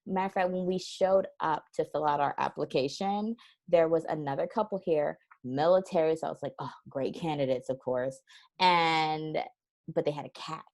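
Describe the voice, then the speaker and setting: Brief: woman, low-pitched, chatty interview guest, laughs a lot, acts out quotes. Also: normal speed, gravelly. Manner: animated storyteller who acts out quoted voices; laughs often while talking. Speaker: guest, transformation strategist. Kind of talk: casual interview chat.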